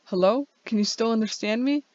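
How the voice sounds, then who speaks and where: A calm, cryptic female mentor who gives gentle, terse encouragement, as a woman reads her lines. The voice sits a little higher than the reader's own. The recording is dry and slightly dull, with no room sound. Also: fairly quick, no echo, natural voice. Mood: encouraging.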